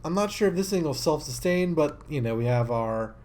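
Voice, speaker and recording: Male let's-play host, higher-pitched voice, rambling casual commentary that jumps to excitement. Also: fairly quick. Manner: rambling and easily excited, many fillers.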